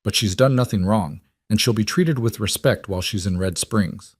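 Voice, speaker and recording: A stern, protective frontier rancher, as a man plays him, firm and terse. His voice sits low in a dry, close audiobook recording. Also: moderate pace, husky, no echo. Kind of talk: audiobook character voice.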